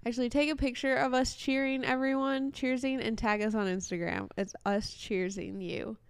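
Bubbly high-voiced woman podcast co-host. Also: moderate pace, smooth, no room sound, clean studio sound. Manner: giggly, laughs often, excitable. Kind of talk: casual live chat.

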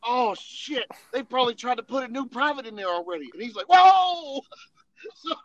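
A man's voice: extremely high pitch, fast, bright, forceful tone, slight background noise, poor audio. A man telling funny army stories in casual, profane storytelling, laughing and acting out voices as he goes. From Tennessee.

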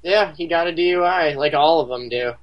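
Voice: mid-range voice, brisk, dull audio. A guest joking along casually with the podcast hosts. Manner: jokey, easygoing. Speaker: guest caller. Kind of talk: casual chat.

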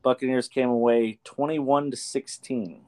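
A man's voice: mid-range voice, steady tone, unhurried, dark tone, no room sound. An American man co-hosting a sports show in casual chat. He swears freely and trips over names as he reads through results. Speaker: sports podcast co-host.

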